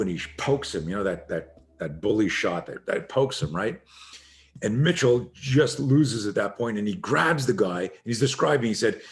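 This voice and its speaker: A middle-aged man, a self-defense instructor, telling an animated story as a podcast guest and acting out the voices of the people in it. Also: fairly low pitch, moderate pace. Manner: acts out quoted voices, swearing, emphatic.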